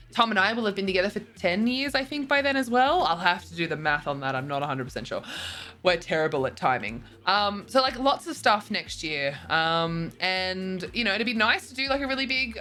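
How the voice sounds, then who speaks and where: Reading out viewer messages in casual stream chat, a bubbly twenty-something woman laughs frequently. Her voice sits on the low side and sounds pushed and bright, with faint music behind her.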